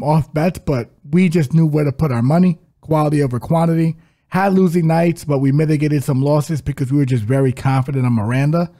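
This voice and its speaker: A man's voice: a little high, warm tone. A man co-hosting a podcast, recapping bets in an easygoing, teasing way. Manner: easygoing, laughs, brotherly teasing. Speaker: co-host of a fight-betting podcast. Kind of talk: casual podcast chat, betting recap.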